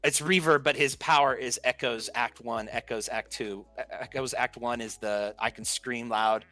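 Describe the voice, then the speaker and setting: A man's voice: mid-range voice, normal speed, faint music behind. A man co-hosting a casual podcast, retelling anime scenes with lots of energy and acting out quoted lines. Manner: animated storytelling, acts out quoted lines. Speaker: podcast co-host. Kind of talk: casual chat.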